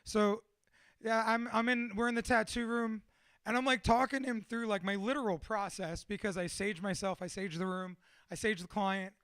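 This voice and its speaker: A man's voice: sits high, moderate pace, smooth, no room sound, studio quality. A man, a tattoo artist, telling stories in a casual chat, swearing constantly and laughing as he goes. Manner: profane, animated, laughs through his stories. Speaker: tattoo artist and podcast guest.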